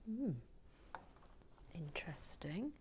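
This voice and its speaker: A woman chatting casually to a live stream as she builds a kit, often dropping to a soft whisper and muttering to herself. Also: lowish voice, big pitch swings, slow pace, a little hiss or hum. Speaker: streamer building a brick kit and reading chat.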